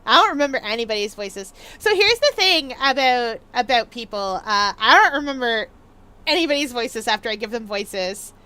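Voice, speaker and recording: A woman's voice: on the high side, expressive, normal speed, pushed and bright, smooth. A woman streaming a game and chatting playfully with her viewers, with lots of ums and laughs. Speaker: gaming streamer. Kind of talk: casual chat while live streaming a game.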